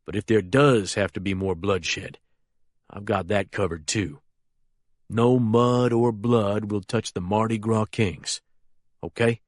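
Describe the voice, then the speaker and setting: A man reading as a menacing younger male crime boss, speaking low and quietly controlled in an audiobook. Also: fairly even intonation, slow, dry recording, clean studio sound. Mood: commanding.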